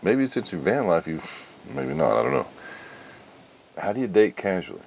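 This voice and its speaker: A man's voice: fairly low pitch, animated, moderate pace, creaky, a little mellow, slight background noise. A middle-aged man hosting a podcast, telling stories in blunt, profane casual chat. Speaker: podcast host.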